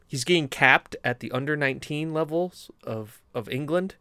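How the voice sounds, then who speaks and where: A young man co-hosting a gaming podcast, telling stories in a casual, animated, rambling way with many restarts. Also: on the high side, normal speed, clean tone, no room sound. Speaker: podcast co-host. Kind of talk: casual storytelling chat.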